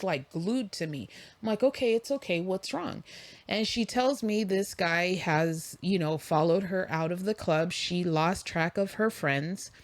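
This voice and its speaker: A woman with a somewhat low voice chats through a story as a podcast host, loose and conversational, leaning on likes and you-knows. The sound is close and dry, with no room around it. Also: dry recording. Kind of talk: casual storytelling.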